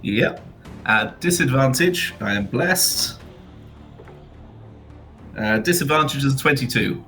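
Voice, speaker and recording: A man's voice: medium pitch, animated, takes it slowly, pushed and bright, faint music behind. A man playing a tabletop game, casual and drawling, laughing often. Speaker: player.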